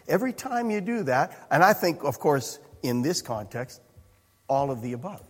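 Husky, lively pastor in a reverberant hall. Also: male voice, fairly high pitch, normal speed. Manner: conversational, self-interrupting, chuckling asides. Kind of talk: sermon.

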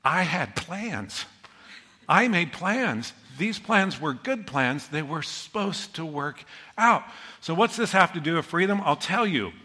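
A man in his fifties preaching a sermon, telling stories from his own life with animated, self-mocking humor. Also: mid-range voice, moderate pace. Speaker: pastor. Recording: long reverb of a large hall.

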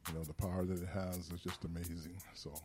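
A man's voice: sits low, little pitch movement, quick pace, noisy background. A man giving an earnest personal testimony in a church service before a worship song. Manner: earnest storytelling, exhorting.

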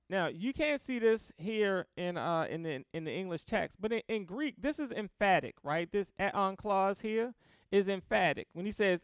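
A male pastor delivers a sermon in a high, smooth, resonant voice. He stretches out key phrases and leans into them with emphatic swells. The sound is dry and close, with no room around it. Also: animated, no room sound. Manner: preaching with slow emphatic swells and scripture reading.

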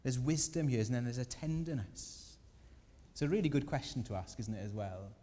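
A man preaching a sermon as pastor, earnest and gentle, his emphasis rising on key points. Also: mid-range voice, a little fast, long reverb tail. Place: church.

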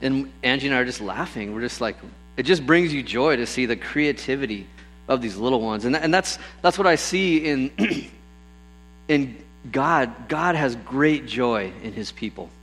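Animated male pastor preaching. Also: mid-range voice, unhurried, soft background music, low-quality recording. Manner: lively storytelling, acts out voices with bursts of excitement. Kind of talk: sermon.

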